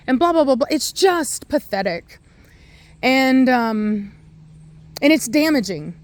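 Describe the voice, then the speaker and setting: A woman's voice: sits high, expressive, slow pace, long pauses, no echo. A woman who breeds and trains dogs, ranting bluntly and with exasperation in an opinionated commentary.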